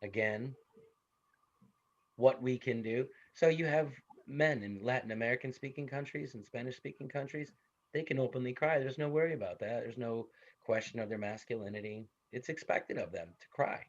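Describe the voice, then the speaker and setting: A man in his thirties or forties giving a classroom psychology lecture, animated and conversational, with stories from home. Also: mid-range voice, normal speed, highs cut off. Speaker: psychology instructor.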